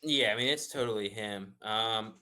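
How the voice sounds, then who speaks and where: A man's voice: fairly low pitch, normal speed, pushed and bright. A man chatting casually as a guest, rambling with lots of "like" and "you know". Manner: rambling, many fillers and restarts. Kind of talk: casual chat.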